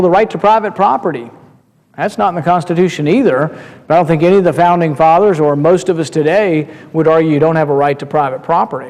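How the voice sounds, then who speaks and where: A man, a senator, speaking on the senate floor in a measured, explanatory way, restarting phrases as he builds his point. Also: a little high, a little mellow, big-room sound. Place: large legislative chamber.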